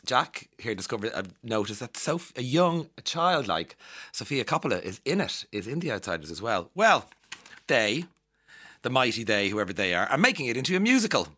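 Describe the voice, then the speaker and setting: Chatty Irish radio host, bright voice. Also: male voice, mid-range voice, sing-song, moderate pace. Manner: chatty and self-mocking, laughs while reading. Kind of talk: chatty news round-up.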